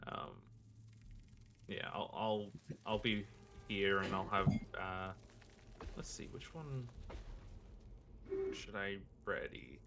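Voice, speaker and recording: A man playing a tabletop game, thinking aloud about his moves in a halting, casual way. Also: lowish voice, noisy background. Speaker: player. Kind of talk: casual tabletop gameplay talk.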